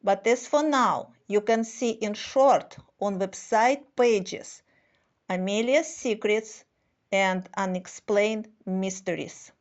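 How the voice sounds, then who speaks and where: Woman, spiritual speaker, unhurried and halting delivery, muffled lo-fi recording. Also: mid-range voice. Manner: slow, deliberate, halting phrasing with non-native grammar. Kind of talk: slow scripted monologue.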